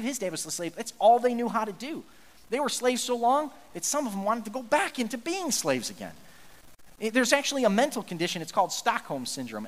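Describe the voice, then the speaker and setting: A male pastor preaches a conversational sermon in a fairly high voice, earnest and plainspoken. He often stumbles and restarts mid-sentence. His voice carries a long reverb from a large hall.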